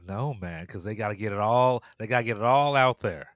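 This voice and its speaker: A man's voice: lowish voice, a little fast, no echo. Easygoing man co-hosting a podcast. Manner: relaxed, agreeable, profane, stumbles over words. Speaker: podcast co-host. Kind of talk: casual film podcast banter.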